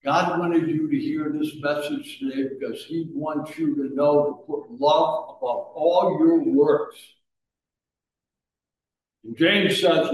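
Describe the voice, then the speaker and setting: A male pastor preaching a sermon, moving between quiet asides and raised, urging exhortation. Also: a little high, takes it slowly. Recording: echoey room, mic at a distance.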